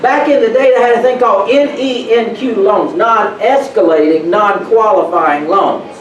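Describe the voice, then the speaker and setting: Man, high voice, animated storyteller at a meetup, recorded from a distance in a roomy hall with faint background noise. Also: normal speed, muffled recording. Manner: storytelling, animated, laughs at own stories. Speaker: real estate speaker. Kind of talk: motivational talk to an audience. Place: meeting room.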